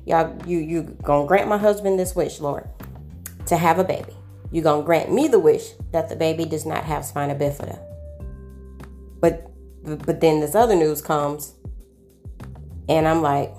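A woman sharing a personal faith testimony, animated and preachy, full of amens and call-outs to her listeners. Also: sits low, normal speed, long pauses, soft background music.

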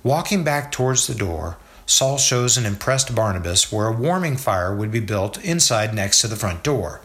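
A man reading a scripted story as narrator, with descriptive, measured storytelling. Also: on the low side, lively intonation, a bit bright.

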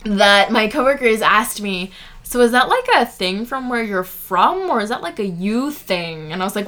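A woman's voice: medium pitch, normal speed, fairly bright tone. A woman with a Californian accent, a podcast guest chatting casually and giggling, with lots of fillers. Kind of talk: casual chat.

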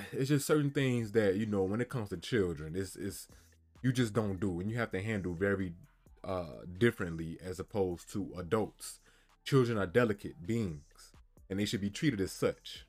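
A man's voice: on the low side, darkish tone. A man talks heatedly in casual commentary. He repeats phrases and keeps checking in with his listeners. Faint music plays underneath. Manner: heated, repetitive, frequent "you feel me". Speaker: commentator retelling a news story.

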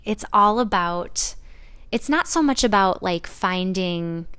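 A woman hosting a solo podcast, talking in a gentle, earnest way with soft laughs and restarts. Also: mid-range voice, lively intonation, slow pace, clear, resonant tone, no echo, studio quality. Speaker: podcast host. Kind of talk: casual solo podcast talk.

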